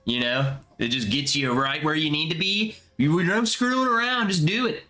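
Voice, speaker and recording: A young man hosting a casual livestream, tasting bourbon and chatting as he reads viewer comments, relaxed and musing. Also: fairly high pitch, normal speed. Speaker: livestream host. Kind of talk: casual live chat reading comments.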